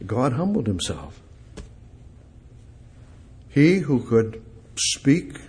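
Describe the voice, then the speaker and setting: Speaking straight to God in his sermon, this pastor repeats brief phrases and moves back and forth between forceful, loud declarations and quiet, hushed moments. He has a mid-range male voice.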